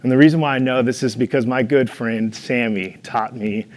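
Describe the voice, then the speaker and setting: A man's voice: medium pitch, normal speed. A young man giving a devotional talk, telling playful stories with humor and an encouraging, earnest manner. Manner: storytelling with playful humor, animated in anecdotes.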